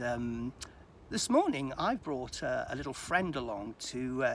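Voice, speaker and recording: Lively man giving a children's talk. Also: mid-range voice, a little hiss or hum. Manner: gentle and animated, talking to children. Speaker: church minister. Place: at home.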